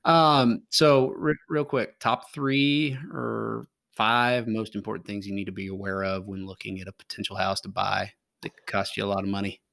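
Gravelly low-voiced male podcast host. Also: flat delivery, moderate pace, hardly any pauses, a bit bright, dry recording. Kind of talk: casual podcast chat.

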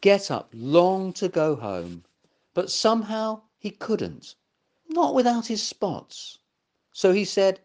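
A gentle male storyteller reading a children's story aloud. He takes his time and his pitch rises and falls widely, making every sentence expressive. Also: slow.

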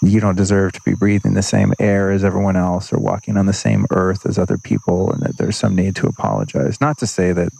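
A man's voice: low voice, fairly even intonation, fairly quick, vocal fry, few pauses, mellow, slightly rough. A man hosting a podcast, talking through his experiences in an earnest, rambling way and swearing casually. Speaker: podcast host. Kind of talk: unscripted reflective monologue.

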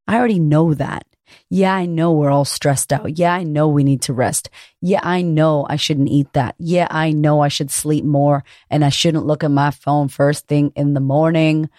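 A woman, a confidence coach hosting her own podcast, talking solo in a high-energy, chatty way and swearing casually. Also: fairly even intonation, moderate pace, mellow, no echo, studio quality.

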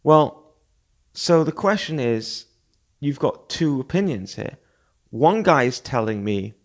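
A man hosting a solo podcast, talking in a casual, animated, rambling way with many fillers and restarts. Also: medium pitch, slow, pauses often. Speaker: podcast host.

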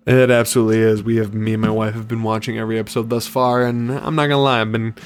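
A man's voice: on the low side, level tone, fast talker, clean tone. A man co-hosting a casual podcast, giving confident, upbeat fight picks and betting advice. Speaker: podcast co-host.

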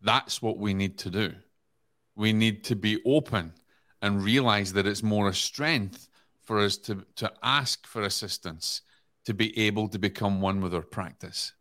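A Scottish man, a podcast guest, telling a reflective parable in a calm, measured way. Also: fairly low pitch. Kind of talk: casual podcast talk.

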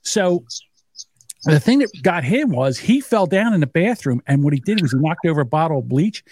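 A man in his fifties with a fairly high voice tells rough, profane family stories and plays every voice in them. The sound is dry and close, with no room around it. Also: big pitch swings, normal speed, darkish tone, dry recording. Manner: storytelling, profane, acts out quotes. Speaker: podcast co-host. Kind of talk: casual chat.

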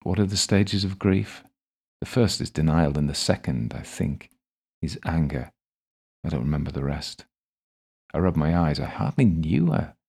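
A man calmly narrating a first-person audiobook story in a measured way. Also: rumbling low, gravelly, breathy edge.

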